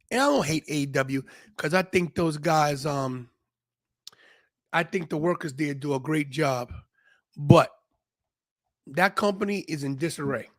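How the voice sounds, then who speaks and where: A brash man hosting a live watch-along stream, ranting and rambling with frequent restarts. His voice sits high for a man. The sound is dry and close, with no room in it. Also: a bit bright, no room sound. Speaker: wrestling podcast host.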